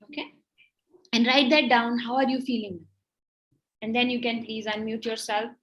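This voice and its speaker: A woman's voice: on the high side, flat delivery, moderate pace, low-quality recording. A woman with an Indian English accent leading an online workshop, guiding a tapping and breathing exercise in an encouraging, instructive way. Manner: encouraging, instructive, laughs easily. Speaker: workshop facilitator.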